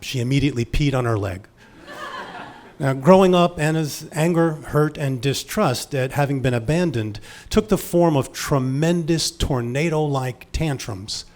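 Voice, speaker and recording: A man in his sixties from Long Island telling a personal story in a wry, intimate manner, moving from hushed lines to emphatic ones. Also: mid-range voice. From Long Island, New York.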